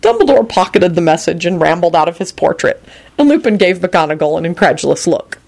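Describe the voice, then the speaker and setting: A woman narrating a fan-fiction story aloud, with expressive delivery. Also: fairly low pitch, fairly quick, gravelly.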